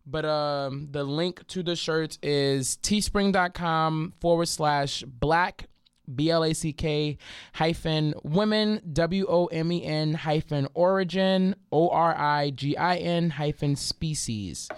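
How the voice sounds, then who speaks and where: A man with a slightly high, smooth, clear voice, chatting casually as a podcast host. He tells stories with animation and plenty of swearing. The recording is dry and close, with no room sound. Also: takes it slowly, dry recording. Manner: animated, profane, acts out quotes. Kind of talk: casual storytelling chat.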